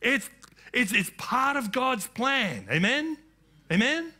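Male pastor, high and bright, preaches with emphatic rising declarations. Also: very animated, takes it slowly. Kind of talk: sermon.

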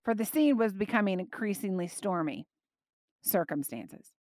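A woman teaching a Bible passage in an animated, emphatic way, often laughing. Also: medium pitch, moderate pace, no echo, clean studio sound.

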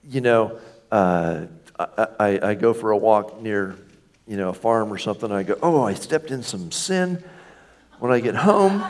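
A middle-aged man preaching a sermon as a pastor, animated and conversational, acting out little scenes with jokey asides. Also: lowish voice.

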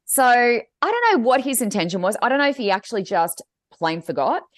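Animated woman telling a story. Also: fairly high pitch, brisk, no room sound, clean studio sound. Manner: animated storytelling, acting out quotes. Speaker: podcast co-host. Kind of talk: casual chat.

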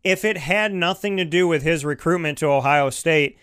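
Smooth-voiced talk show host. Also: male voice, a little high, moderate pace, no room sound, clean studio sound. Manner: animated, rambling, with frequent restarts and "you know". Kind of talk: opinionated sports talk. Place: home studio. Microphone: studio microphone.

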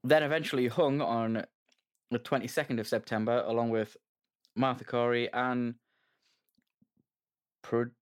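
A man co-hosting a casual chat, reading out history in an even, steady manner. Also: medium pitch, a little slow, long pauses, clean tone. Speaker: podcast co-host.

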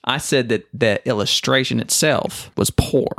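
A man's voice: medium pitch, a little slow, gravelly, a bit bright. A man co-hosting a board game podcast, trading jokes and stubbornly arguing his point. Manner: wisecracking, stubborn in argument. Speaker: podcast co-host. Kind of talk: casual chat.

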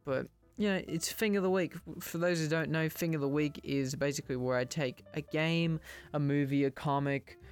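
A man's voice: fairly high pitch, steady tone, normal speed, clear, resonant tone, faint music behind. A young man hosting a casual solo podcast, rambling, joking at his own expense and stumbling over words. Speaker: podcast host.

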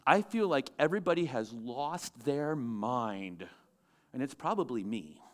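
A man, a pastor, preaching a sermon to his congregation in a church, asking the room questions and rising loud and animated when he quotes scripture. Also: medium pitch, unhurried.

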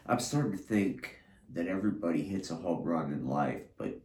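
A man's voice: low voice, lively intonation, normal speed, gravelly, darkish tone, echoey room, a little hiss or hum. A man in a disoriented drugged state, rambling profanely in a disjointed stream of consciousness, veering between mumbles and anguished cries. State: disoriented, under the influence of a drug. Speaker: podcast host recording his own treatment session.

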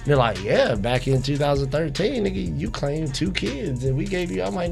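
A man's voice: on the high side, big pitch swings, normal speed, vocal fry, few pauses, over music. Exasperated, profane man on a podcast. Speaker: podcast guest. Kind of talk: casual podcast chat.

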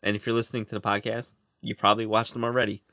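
A man co-hosts a casual podcast, talking through episodes in a hesitant, stumbling way. His voice is fairly low, and the recording is dry and close. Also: flat delivery, rapid-fire, pushed and bright, no room sound. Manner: hesitant, stumbling over words. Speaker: podcast co-host. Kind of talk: casual podcast show review.

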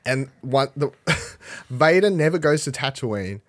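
A podcast co-host chats casually, swearing often and telling stories with animation. He has a mid-range, fairly bright voice with lively intonation and a measured pace.

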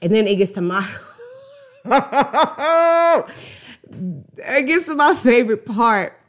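A woman giving casual, slangy music commentary in an animated way, retelling a song's story. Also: a little high, takes it slowly. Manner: animated, slangy, acts out song dialogue.

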